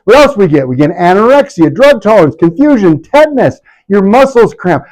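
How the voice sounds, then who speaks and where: A man giving a lively health workshop to a live audience, asking the room questions and acting out patients' complaints in a jokey way. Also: high voice, moderate pace, hardly any pauses, rough recording. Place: clinic event room.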